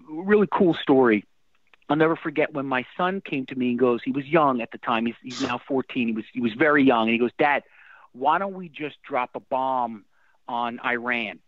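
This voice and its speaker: A middle-aged man, a guest musician telling stories in a casual interview, animated and emotional, often restarting his sentences. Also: mid-range voice, no echo. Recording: dry tinny phone-like line.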